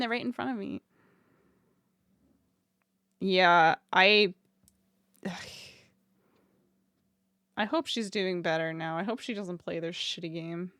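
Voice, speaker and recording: A woman's voice: fairly low pitch, slow pace, pauses often, fairly bright tone, dry recording, studio quality. A woman streamer chatting casually with her viewers, swearing freely and laughing often.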